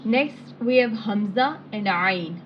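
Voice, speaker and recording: A woman's voice: medium pitch, animated, takes it slowly. A woman teaching a lesson, patiently explaining letter sounds and then reciting the syllables aloud one by one. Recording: dull lo-fi audio with faint background hiss.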